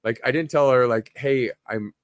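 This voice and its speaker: A man's voice: mid-range voice, normal speed, dry recording, studio quality. A man appearing as a podcast guest, a brewery owner, talking earnestly and reflectively in casual chat.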